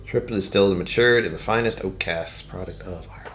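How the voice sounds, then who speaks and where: Man in his own home stream setup, lowish voice, loose rambling chat, jokey asides. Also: quick pace, a bit bright. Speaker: whiskey tasting streamer. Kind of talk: casual live-stream chat.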